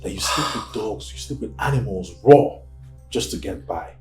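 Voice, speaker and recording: Casting: man as contemptuous blackmailer, Nigerian English accent, lowish voice, soft music under. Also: lively intonation, normal speed, close to an everyday voice. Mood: scornful. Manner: contemptuous, accusing. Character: scornful blackmailing young man. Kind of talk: film drama acting. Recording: film soundtrack with music.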